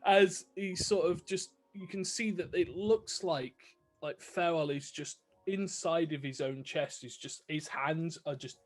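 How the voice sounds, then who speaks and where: A man's voice: a little high, a little slow, hardly any pauses, faint music behind. A man narrating a tabletop game as game master, vivid with many fillers.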